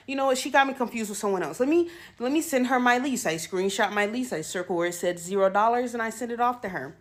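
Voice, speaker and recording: Woman, casual storytelling rant, acts out both sides of the exchange, slightly high voice. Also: expressive, moderate pace, a bit bright. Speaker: tenant ranting about her landlord.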